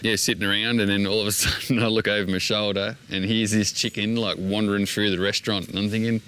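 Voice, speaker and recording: Bright-voiced man, hesitant storyteller. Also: fairly low pitch, level tone, quick pace, smooth. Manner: hesitant, filler-heavy storyteller. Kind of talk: casual recollection to camera.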